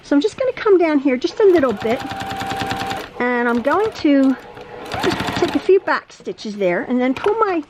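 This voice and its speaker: A woman's voice: high voice, very animated, moderate pace, background noise. A woman teaching quilting in a chatty, casual tutorial from her home sewing room, often repeating herself and stumbling over words. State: a little out of breath.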